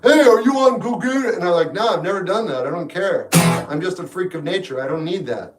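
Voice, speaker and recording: High-voiced man rambling to his live chat. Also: expressive, brisk. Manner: rambling, jokey, talks back to chat. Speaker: livestreamer. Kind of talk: casual live-stream chat with viewers. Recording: roomy echo, faint guitar music behind.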